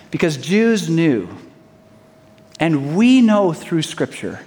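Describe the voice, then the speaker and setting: A man preaching a sermon as pastor, swinging between loud declarations and hushed lines, and acting out folksy small-town dialogues. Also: on the high side, big pitch swings, very slow, pauses often. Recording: long hall reverb.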